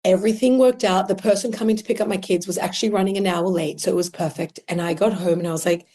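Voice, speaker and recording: An Australian woman in her thirties, a podcast guest telling personal stories in an emotional, animated way. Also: medium pitch, fast talker. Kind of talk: casual conversational storytelling.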